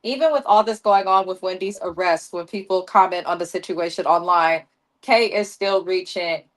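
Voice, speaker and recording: A woman's voice: lowish voice, normal speed. A woman co-hosting a casual reality TV recap, giving emphatic opinions and repeating her points for effect. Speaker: podcast co-host.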